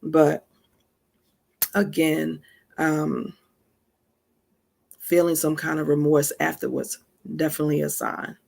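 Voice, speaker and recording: A woman's voice: deep voice, little pitch movement, takes it slowly, gravelly, long pauses, a little mellow, a little hiss or hum. A woman giving a casual spiritual teaching talk, speaking straight to her listeners with frequent asides and emphatic remarks. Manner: conversational, addresses listeners directly with frequent asides; emphatic, laughs between points.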